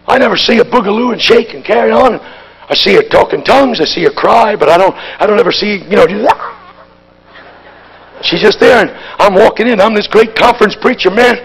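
A man preaching a live sermon, swinging from shouts to low, tired storytelling. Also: brisk, vocal fry, slightly rough. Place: church with congregation. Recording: live hall recording with crowd noise.

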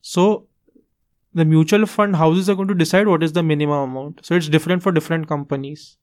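A man's voice: fairly high pitch, steady tone, fairly quick, darkish tone. Indian man explaining money matters casually. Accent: Indian English. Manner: earnest, explains with examples, mixes in Hindi phrases. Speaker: podcast guest explaining investing.

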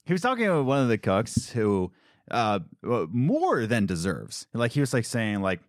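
A young man co-hosting a podcast, telling animated stories in casual chat and acting out the people he quotes. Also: mid-range voice, normal speed, no room sound, clean studio sound. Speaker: podcast co-host.

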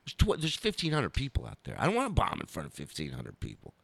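A man's voice: medium pitch, fast talker, gravelly, husky, dry recording. A male comedian telling a story on a podcast, swearing and acting out scenes. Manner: animated, swearing, acts out scenes. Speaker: comedian guest.

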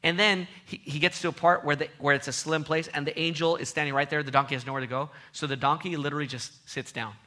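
A man preaching with passion, his voice bright and forceful and set a little high. He drives his points home with repeated phrases, swinging from loud, pressing peaks to quiet, low asides. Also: fairly even intonation, quick pace, hardly any pauses. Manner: impassioned, emphatic repetition, voice swinging loud to soft. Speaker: pastor. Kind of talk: sermon.

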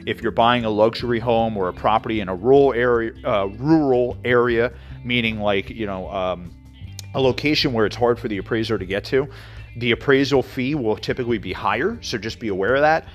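A man's voice: mid-range voice, a little fast, muffled recording, soft background music. A man from New York hosting a mortgage show, explaining fees in a casual, conversational way with frequent fillers and asides. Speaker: mortgage podcast host. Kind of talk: casual educational talk.

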